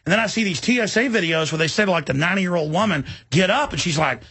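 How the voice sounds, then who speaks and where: Gravelly guy on talk radio ranting, kinda husky, lots of stop-start. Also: sits high, expressive, racing, sharp tone, dry recording. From Texas. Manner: intense, rambling, many restarts. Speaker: radio talk show host.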